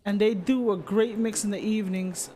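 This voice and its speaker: A man's voice: sits high, fairly even intonation, moderate pace, warm tone, a little hiss or hum, natural voice. A man reading a friendly restaurant owner. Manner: read plainly, with small slips.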